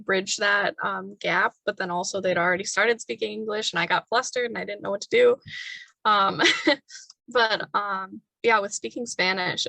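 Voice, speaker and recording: Young woman, gravelly fry, bright tone, hesitant, dry close sound. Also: mid-range voice, no echo, low-quality recording. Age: young adult. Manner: hesitant, many "um" pauses. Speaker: student panelist. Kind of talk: casual panel chat. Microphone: video call.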